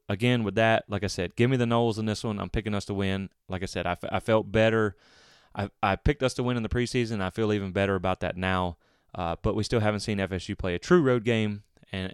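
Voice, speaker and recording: Male podcast host, casual and rambling, smooth low voice, dry close sound. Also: no room sound. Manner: casual, rambling with frequent restarts. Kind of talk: solo sports podcast talk.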